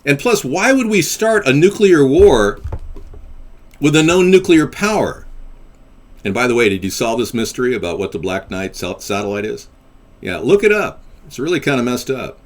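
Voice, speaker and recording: A man hosting a live chat stream, talking in a rambling, argumentative and excitable way. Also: medium pitch. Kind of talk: casual live-stream talk.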